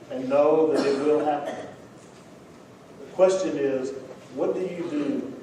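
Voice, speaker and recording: A man with a Texan accent preaching a sermon as pastor, telling stories in a conversational way and dropping to quiet emphasis. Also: medium pitch. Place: church sanctuary. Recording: echoey church from far off, faint noise.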